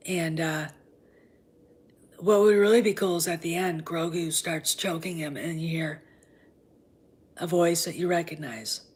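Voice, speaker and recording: A woman's voice: lowish voice, measured pace, long pauses, a little mellow, breathy edge. A woman hosting a fan show in casual chat, rambling and often dropping into whispers.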